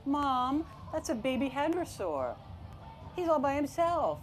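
A woman's voice: sits high, very animated, measured pace, soft background music, voice pushed up. A woman voicing an eager young child who begs their mom, in a storybook read-aloud. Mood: pleading.

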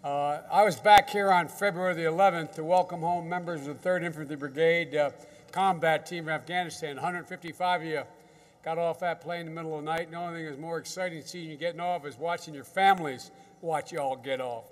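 A man's voice: on the high side, fairly even intonation, brisk, long reverb tail. An older American man giving a folksy, rambling off-the-cuff speech to soldiers at a ceremony, with many restarts and repeated words. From United States. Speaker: government official addressing troops.

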